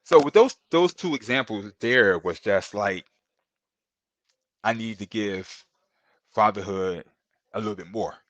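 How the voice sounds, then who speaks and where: Low-voiced man telling heartfelt stories. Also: a little slow, pauses often, a bit bright, dry recording. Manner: earnest, emotional, repeats phrases, calls the host bro. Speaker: podcast guest. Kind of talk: storytelling in a casual interview.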